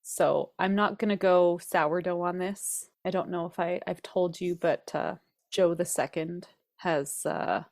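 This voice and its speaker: A woman's voice: fairly low pitch, steady tone, a little slow, darkish tone, no room sound, clean studio sound. A middle-aged woman co-hosting a cooking podcast in casual chat, chatty and laughing often. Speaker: podcast co-host.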